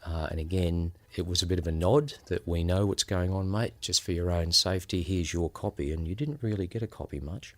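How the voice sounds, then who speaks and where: A man with an Australian accent, a former undercover police officer, recounting his experiences in a reflective, conversational way. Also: sits low. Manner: unhurried, reflective, acts out quoted voices. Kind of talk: conversational storytelling.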